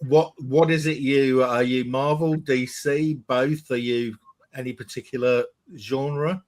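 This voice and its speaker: A man co-hosting a casual chat, asking quick questions and teasing the others. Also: mid-range voice, fairly even intonation, a little mellow, no room sound. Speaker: co-host.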